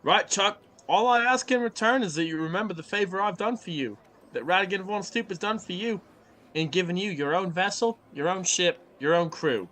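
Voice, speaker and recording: A man's voice: high voice, moderate pace, fairly bright tone, slight background noise. A man playing a pompous male governor in a tabletop game, speaking in a grand, folksy drawl. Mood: grandiose.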